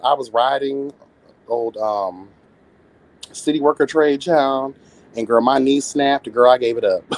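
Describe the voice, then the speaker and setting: A man in his late thirties hosting a livestream, chatting with viewers in a sassy, campy, animated way. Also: medium pitch. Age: 30s. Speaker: livestream host. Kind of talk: casual chat with viewers.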